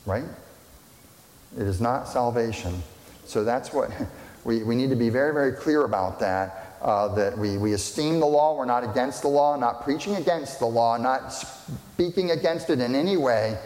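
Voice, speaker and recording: A man's voice: medium pitch, darkish tone. Preaching man in an echoey sanctuary. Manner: emphatic preaching, repeats key words, asks the congregation rhetorical questions. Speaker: pastor. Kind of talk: sermon. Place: church sanctuary. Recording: echoey hall with long reverb.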